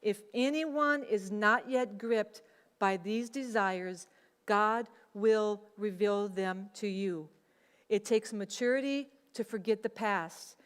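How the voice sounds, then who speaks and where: A woman's voice: mid-range voice, slow pace, smooth, big-room sound. A woman pastor preaching a sermon in a conversational way, slipping into quoted voices.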